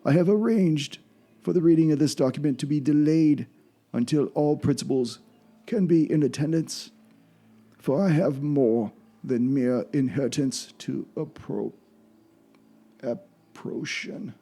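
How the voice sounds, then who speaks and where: A man's voice: a little high, a little slow, dark tone, faint music behind, voice pushed up. A man voicing a grave old scholar. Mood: solemn. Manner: solemn, formal reading.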